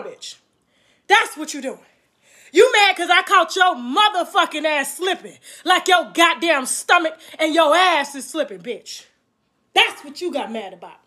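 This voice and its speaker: A woman's voice: very high-pitched, pushed and bright. A woman hosting her own livestream, delivering a crude, taunting rant with mocking laughter. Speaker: livestream host.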